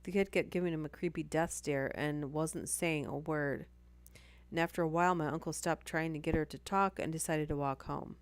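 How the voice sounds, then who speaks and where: A woman's voice: low-pitched, steady tone, normal speed, clear, resonant tone, no room sound. A woman hosting a live stream, reading stories aloud and breaking off for chatty asides and apologies.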